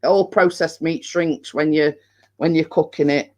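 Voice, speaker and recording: A Yorkshire woman talks slowly and unhurriedly as she chats to her viewers on a live stream. Her talk is rambling and homely, broken up by easy laughs as she reads out comments. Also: low voice, steady tone, a little mellow. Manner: chatty, rambling, laughs often. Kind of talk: casual chat reading viewer comments.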